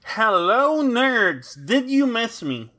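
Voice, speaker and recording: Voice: mid-range voice, sing-song, takes it slowly, sharp tone. A podcast co-host talking in a playful, sarcastic way during casual banter.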